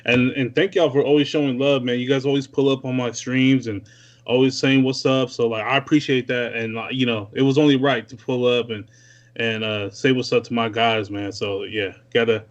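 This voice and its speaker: A man's voice: medium pitch, level tone, moderate pace. Laid-back slangy man on a muffled call-in. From Newark, California. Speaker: guest music producer. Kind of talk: casual podcast chat. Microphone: remote call-in.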